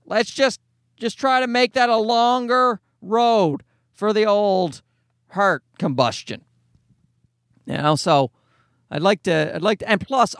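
A middle-aged Canadian stand-up comedian with a nasal Newfoundland accent, rambling through a profane, self-mocking monologue. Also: male voice, sits high, slow pace, long pauses, fairly bright tone, clean tone, no echo, clean studio sound. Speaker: stand-up comedian and podcast host. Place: parked car.

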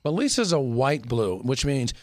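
A man's voice: medium pitch, big pitch swings, normal speed. A man coaching in casual chat, talking emphatically and laughing often.

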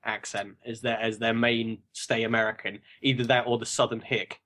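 A man's voice: medium pitch, level tone, moderate pace, sharp tone. An English man, a podcast guest, chatting casually in a self-deprecating way with frequent restarts. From England. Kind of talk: casual chat.

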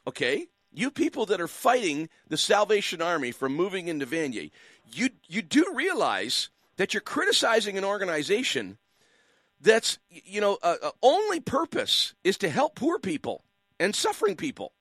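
A man on talk radio, worked up and preachy, firing question after question at his listeners. His voice sits high for a man and swings widely in pitch. The sound is dry and close, straight off a studio microphone. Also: wildly swooping pitch, moderate pace, a bit bright, dry recording. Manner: preachy, fired-up, hammering rhetorical questions. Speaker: radio talk show host. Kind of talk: impassioned call-in radio commentary.

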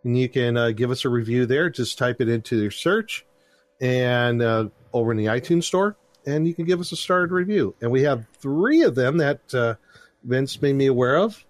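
A man's voice: mid-range voice, animated, normal speed, no echo. A middle-aged man hosting a casual podcast, reading listener reviews aloud with jokes, close to a dry mic. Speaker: podcast host.

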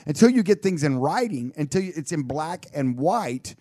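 A man's voice: on the high side, lively intonation, normal speed, warm tone, dry recording, studio quality. A man co-hosting a business radio talk show in casual chat, acting out quoted lines and often restarting his sentences. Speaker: radio co-host.

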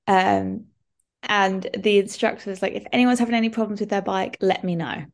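A young woman telling a story in a casual podcast chat, animated, with lots of "like". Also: medium pitch, normal speed. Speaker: podcast co-host.

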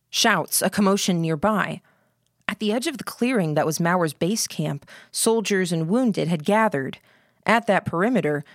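A woman narrates a first-person story in a low, steady voice, measured and reflective. The reading is dry and close, with no room sound around it. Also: no echo. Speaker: audiobook narrator.

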